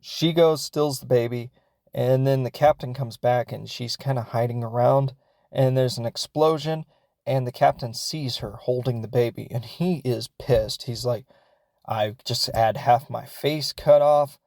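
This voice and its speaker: Creaky and darkish, his medium-pitched voice moves at a moderate pace with no echo. He's a podcast host recapping a film chattily and rambling, with many fillers and frequent laughter.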